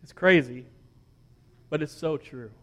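Higher-voiced man preaching an emphatic sermon. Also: measured pace, sharp tone. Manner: emphatic, repeats words when building up. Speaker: pastor.

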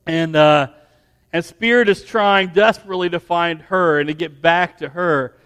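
Male pastor, high voice, rambling anecdote with restarts that builds to firm preaching, long hall reverb. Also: normal speed, fairly bright tone, clear, resonant tone. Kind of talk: sermon with personal story.

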